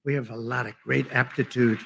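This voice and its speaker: A man's voice: medium pitch, little pitch movement, brisk, gravelly, a bit bright, a little hiss or hum. A man giving a rambling, off-the-cuff political speech at a conference, full of sarcasm and digressions.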